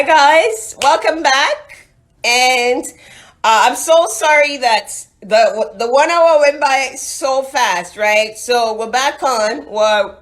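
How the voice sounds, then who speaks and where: Nigerian woman, high voice, emphatic encouraging live-stream host. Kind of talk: casual live-stream chat.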